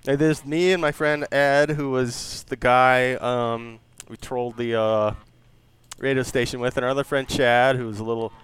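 A man's voice: mid-range voice, fairly even intonation, normal speed, fairly bright tone, clean tone. A man in his late thirties co-hosting a podcast, chatting casually, laughing often and swearing freely. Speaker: podcast co-host. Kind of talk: casual chat.

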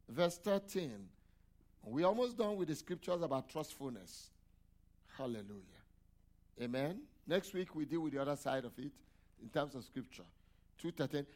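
A man's voice: a little high, fairly bright tone. A male pastor preaching a sermon, asking the congregation questions for them to answer aloud and dropping in hallelujahs and amens. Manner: call-and-response questions to the congregation.

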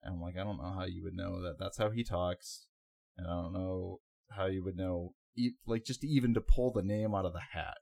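A man's voice: low-pitched, fairly even intonation, brisk, vocal fry, dark tone, dry recording, clean studio sound. A man co-hosting a podcast, telling a long story in a rambling, laid-back way with lots of fillers. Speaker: podcast co-host. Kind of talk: casual storytelling chat.

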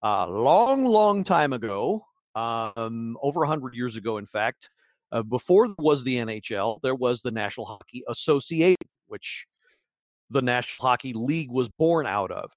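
Speaking at a moderate pace with an expressive, medium-pitched voice, this podcast host runs a casual sports show. He's rambling, wry, and full of fillers, and the sound is dry and clean, studio quality.

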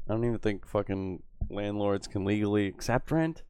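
A man's voice: lowish voice, moderate pace, few pauses, clear, resonant tone, no room sound. A man riffing crudely and sarcastically on a livestream, reading chat and tossing in "bro" constantly. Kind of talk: profane casual livestream chat. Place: Boston area.

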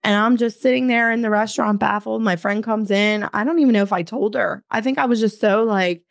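Animated woman telling a story, dry sound. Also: medium pitch, fairly quick, vocal fry, no room sound. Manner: animated, swears, talks to herself in quotes. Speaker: podcast host. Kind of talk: casual storytelling.

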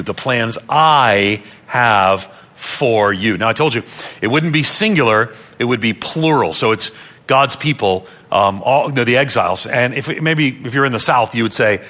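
A man's voice: medium pitch, bright, forceful tone. A man preaching a sermon as a pastor, from Long Island, earnestly teaching and repeating key phrases for emphasis. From Long Island, New York.

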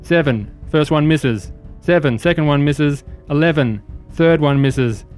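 A man running a tabletop game as game master, narrating rolls and actions in a steady, matter-of-fact way. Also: on the high side, a little slow, soft background music.

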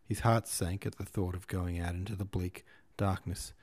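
A man with a low, mellow voice reads a classic novel aloud. His narration is measured and unhurried, the way a podcast host reads a book to listeners. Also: fairly even intonation. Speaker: podcast host and audiobook reader.

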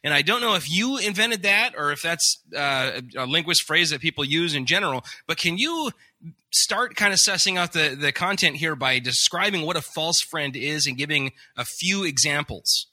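A male podcast host with a very bright, ringing voice pitched a little high. He talks in a chatty, joking way and asks long, rambling questions. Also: lively intonation, normal speed. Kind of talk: casual interview hosting.

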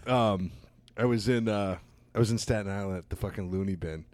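A man's voice: fairly low pitch, brisk, no echo. A man, a stand-up comedian, telling crude anecdotes in casual talk and acting out the people in them. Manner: animated, profane, acts out voices in anecdotes. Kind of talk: casual podcast storytelling.

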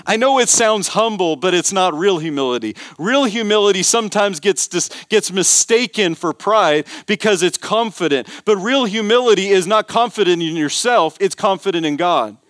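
A man preaches an emphatic sermon, stumbling over repeated words as he builds intensity. His voice sits a little high. The sound is dry and close. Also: expressive, normal speed, fairly bright tone, no echo. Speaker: pastor. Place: church.

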